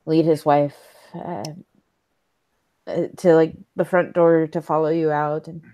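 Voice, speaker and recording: A woman's voice: low-pitched, little pitch movement, a little slow, warm tone. A woman narrating a tabletop game as game master, hesitant and full of fillers. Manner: hesitant, full of likes and ums.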